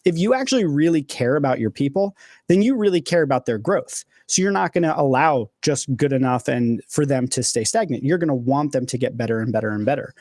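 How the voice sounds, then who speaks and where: A man hosting a podcast and talking quickly and eagerly, with loose filler words and an easy, chatty flow. His voice sits at an ordinary pitch and sounds close and dry, with almost no room around it. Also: lively intonation, a little mellow, no echo. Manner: enthusiastic, filler-heavy, conversational. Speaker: podcast host. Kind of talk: casual leadership discussion.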